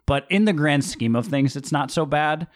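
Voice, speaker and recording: A man's voice: a little high, lively intonation, moderate pace, dry recording. A man co-hosting a podcast in casual movie-review chat, making wry, dry joking asides. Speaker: podcast co-host.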